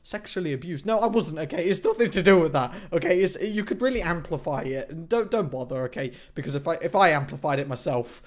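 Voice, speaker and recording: A man's voice: a little high, fast talker, hardly any pauses. A teenage man telling a rambling, jokey story to camera in a casual vlog, often mocking himself. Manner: rambling, joking, self-mocking, excitable. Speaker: vlogger.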